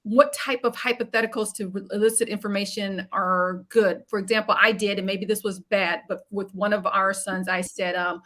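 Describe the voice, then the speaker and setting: A woman's voice: medium pitch, fairly even intonation, normal speed, hardly any pauses, fairly bright tone. A woman hosting an interview, engaged and affirming, asking long questions about parenting. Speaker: interview host. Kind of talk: conversational interview.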